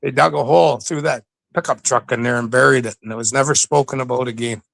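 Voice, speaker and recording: Bright, animated storytelling man. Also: mid-range voice, fast, gravelly, no room sound. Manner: animated storyteller who acts out the voices. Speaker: interview guest. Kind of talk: casual storytelling.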